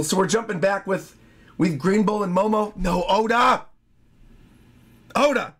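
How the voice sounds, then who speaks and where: Husky, high, wildly excitable man. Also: slow pace, long pauses. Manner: excitable, often shouting and laughing. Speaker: YouTuber reacting to a manga chapter. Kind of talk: excited reaction commentary with read-aloud panels.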